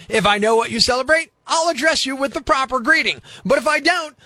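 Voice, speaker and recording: A man with a strikingly high, piercingly bright voice rants like a radio morning host, emphatic and sarcastic. His words land close and dry from a studio microphone. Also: no room sound. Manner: indignant, emphatic, sarcastic ranting. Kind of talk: scripted comedic radio rant.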